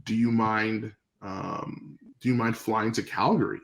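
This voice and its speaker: A man from Canada, a podcast guest, telling stories in a relaxed, rambling way with fillers, acting out old phone calls. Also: lowish voice, a little slow, gravelly, poor audio. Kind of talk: casual storytelling interview.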